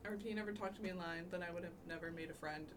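A woman's voice: on the low side, fairly even intonation, very fast, noisy background. A young woman from Canada, co-hosting a casual podcast chat, chatty and full of "like". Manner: chatty, heavy use of "like", laughs often. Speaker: podcast co-host.

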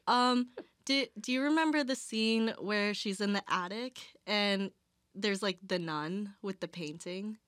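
A woman's voice: mid-range voice, measured pace, a bit bright, dry recording, studio quality. Young woman asking curious questions. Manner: curious, asks questions, hesitant fillers. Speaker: co-host. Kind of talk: casual chat.

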